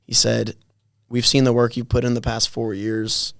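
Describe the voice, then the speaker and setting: A college athlete in his twenties, telling his story in a guest interview with many halting restarts and little chuckles. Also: medium pitch, completely flat delivery, creaky, a bit bright, no echo, clean studio sound. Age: 20s. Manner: halting, repeats words, chuckles while telling stories. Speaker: college football player, guest.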